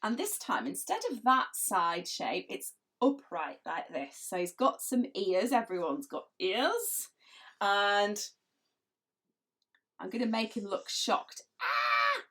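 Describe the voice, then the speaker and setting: A woman's voice: mid-range voice, animated, takes it slowly, fairly bright tone. A middle-aged woman, chatting playfully as she leads a drawing lesson for children. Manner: chatty, playful, laughs often. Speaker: illustrator teaching drawing.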